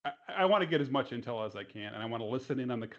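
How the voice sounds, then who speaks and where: A man's voice: mid-range voice, animated, racing. Eager player man on a dull mic. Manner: eager, asks many questions. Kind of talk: casual tabletop play.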